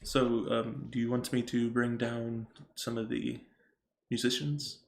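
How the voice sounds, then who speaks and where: A man's voice: mid-range voice, little pitch movement, unhurried, vocal fry. A man narrating and running a tabletop role-playing game, answering players in a dry, matter-of-fact way. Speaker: game master.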